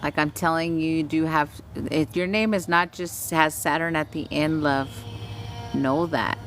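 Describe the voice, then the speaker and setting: Slow, soothing woman giving a reading. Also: deep voice, steady tone, faint music behind. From Texas. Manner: slow, soothing and chatty, breaking into giggles. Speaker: live-stream spiritual reader. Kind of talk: casual live-stream energy reading. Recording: noisy background with passing vehicles.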